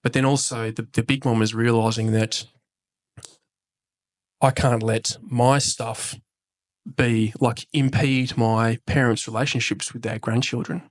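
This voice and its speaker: A man plays a military veteran and father being interviewed on a podcast. His voice sits at a middle pitch, and he speaks frankly and reflectively. He swears freely as the conversation goes on. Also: level tone, measured pace.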